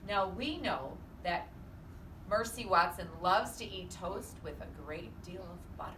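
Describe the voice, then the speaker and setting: A woman preschool teacher reading a storybook aloud and leading a guessing game in an animated, encouraging, singsong way. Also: fairly low pitch, a little slow, far from the mic. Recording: echoey room, off-mic, faint hiss.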